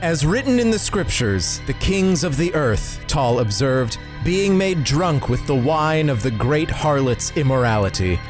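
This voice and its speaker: A man's voice: mid-range voice, very animated, measured pace, hardly any pauses, over music. Man reading aloud with mock solemnity. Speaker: podcast co-host. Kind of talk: casual podcast chat, reading passages aloud.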